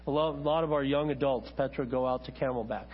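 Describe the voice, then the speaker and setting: A man preaching a sermon as a pastor, talking conversationally to his congregation and turning animated when he tells a story. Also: mid-range voice, quick pace. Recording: dull lo-fi church recording with mains hum.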